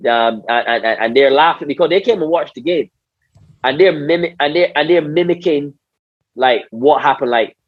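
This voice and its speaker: On a slightly dull, dry podcast recording, a former cricketer with a Barbadian accent tells stories in a casual interview. His voice sits on the high side at a normal pace, and he's animated, saying "bro," repeating words and acting out quotes.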